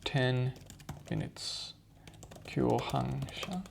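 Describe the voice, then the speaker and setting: Man, mid pitch, very slow, gravelly, muttering study-session vlogger. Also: a little hiss or hum. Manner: slow, muttering to himself, thinking aloud. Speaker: language learner reviewing flashcards. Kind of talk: casual study session vlog.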